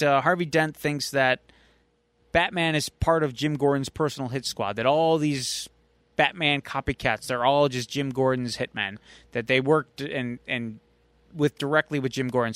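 A man's voice: medium pitch, normal speed, a bit bright, clear, resonant tone, dry recording. A man co-hosting a podcast, casually recapping a comic book story and acting out its quotes. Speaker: podcast co-host.

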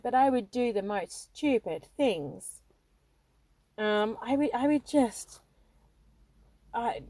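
A woman's voice: on the high side, dark tone, dry recording. A middle-aged woman telling self-deprecating personal stories, laughing often and restarting sentences nervously. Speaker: podcast host. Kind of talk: personal storytelling monologue.

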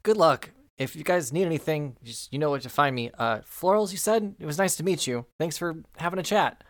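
A man's voice: on the high side, animated, fairly quick, no room sound, studio quality. A man voicing a helpful talking river fish who guides travelers, speaking casually and easily. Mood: friendly. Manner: casual, easygoing, folksy advice.

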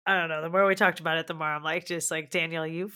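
A woman's voice: low voice, fairly even intonation, quick pace, sharp tone, clear, resonant tone. A woman co-hosting a casual film review podcast, talking emphatically, swearing and laughing as she rants. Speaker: podcast co-host.

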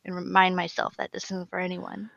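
A woman's voice: lowish voice, a little fast, creaky, dry recording. A woman guest chatting casually in an interview, telling stories with lots of filler words. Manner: chatty, filler-heavy, animated storytelling. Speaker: guest cosplayer. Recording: dull lo-fi audio.

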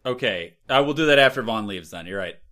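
A man's voice: mid-range voice, lively intonation, quick pace, pushed and bright. A man hosting a casual podcast chat, talking loosely and laughing often. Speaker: podcast host.

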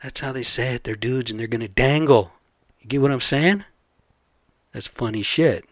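A man's voice: mid-range voice, moderate pace, no echo, clean studio sound. A man hosting a casual vlog, rambling bluntly and swearing freely. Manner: rambling, blunt and profane, asks listeners "right?". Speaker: vlog host. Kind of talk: casual profane monologue.

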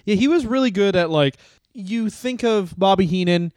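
A man's voice: high-pitched, animated, moderate pace, a little mellow, dry recording, clean studio sound. A man co-hosting a comedy podcast, talking in a rambling, crude, laughing way. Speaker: podcast co-host. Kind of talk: casual comedy podcast chat.

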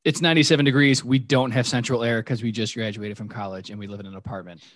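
A man co-hosting a casual movie podcast, animated and quick to laugh as he tells stories. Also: mid-range voice, no room sound, clean studio sound. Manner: animated, laughing, acting out quotes. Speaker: podcast co-host.

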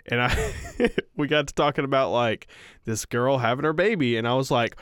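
A man's voice: medium pitch, normal speed, a bit bright, smooth, dry recording, clean studio sound. A man co-hosting a casual podcast, rambling through an awkward story, swearing and laughing at himself. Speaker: podcast co-host.

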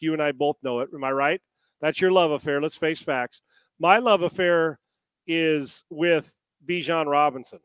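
A man's voice: fairly high pitch, clear, resonant tone, no room sound. Chatty man posing rhetorical questions, dry sound. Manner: rambling, fires off rhetorical questions. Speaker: sports show co-host. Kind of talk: casual sports talk.

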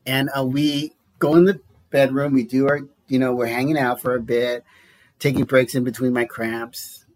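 A man's voice: medium pitch, flat delivery, normal speed. A man on a podcast telling a rambling, self-deprecating story in casual chat, laughing often.

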